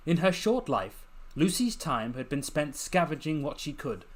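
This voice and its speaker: Man reading his novel aloud, measured. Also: a little high, very animated. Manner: slow, measured dramatic reading. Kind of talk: scripted narration.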